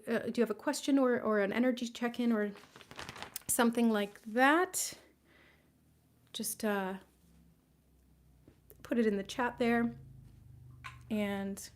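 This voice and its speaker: Soft-spoken woman leading a group healing. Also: on the high side. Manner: soft, gentle and effusive, thanking viewers by name. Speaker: psychic medium hosting a live session. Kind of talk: live-stream group healing and chat.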